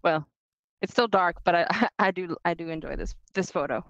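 A woman co-hosting a casual live stream chat show, loose and playful, laughing easily and tossing in the odd curse. Her voice is smooth and resonant. The sound is dry and close. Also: lowish voice, normal speed, dry recording, dull audio.

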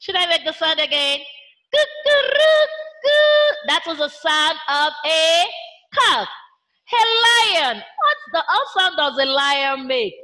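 Nigerian woman, primary teacher; slow, high, bright, sing-song delivery for small kids. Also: lively intonation. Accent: Nigerian English. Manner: sing-song, imitates animal sounds. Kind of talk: online class for young children.

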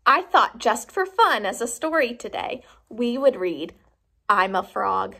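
A preschool teacher reading a picture book aloud to young children, with animated, expressive storytelling. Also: female voice, a little high, a little slow, creaky.

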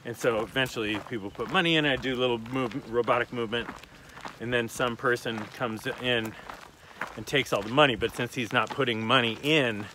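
Animated comedian telling stories outdoors. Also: male voice, fairly quick, a little hiss or hum. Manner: animated storyteller, jumps into high voices for quotes. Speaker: comedian guest. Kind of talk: casual outdoor chat while hiking. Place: outdoors on a hiking trail.

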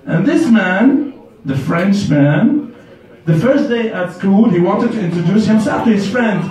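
A man from Syria performing a stand-up comedy set, animated and slipping into high put-on voices for the people in his stories. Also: measured pace. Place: comedy night stage. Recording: echoey hall, mic from a distance.

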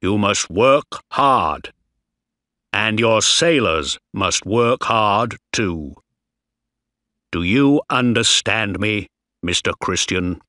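A man voicing a strict, stern ship's captain who barks orders at his crew in a slow, dry storybook reading. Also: lowish voice, animated, sharp tone, no room sound, exaggerated voice. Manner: barking orders.

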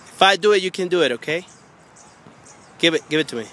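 A man coaching his young daughter at basketball outdoors, coaxing and repeating encouragement, sometimes rising to loud urging. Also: expressive, fast talker. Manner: encouraging, repetitive coaxing, gets loud and high when urging. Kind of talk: casual coaching. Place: outdoors by a hoop. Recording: faint outdoor background noise.

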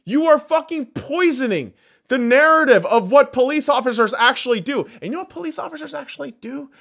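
Male podcast host, furious profane rant, very lively pitch, shouts then mutters. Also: fairly quick, creaky. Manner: angry, insulting, swings between yelling and muttering.

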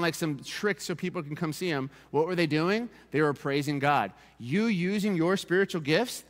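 A man preaching a sermon as pastor, in a lively, conversational style that keeps calling for the congregation's attention. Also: a little high. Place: church sanctuary. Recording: long reverb of a church hall.

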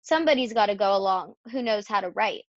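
A woman voicing a gentle, clever female spider who speaks softly. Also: mid-range voice, fast, dry recording, dull audio, natural voice. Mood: calm. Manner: soft, calm.

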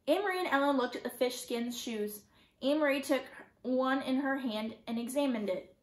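A woman teacher reading a novel chapter aloud with clear, expressive storytelling. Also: sits high, a little fast. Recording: roomy echo.

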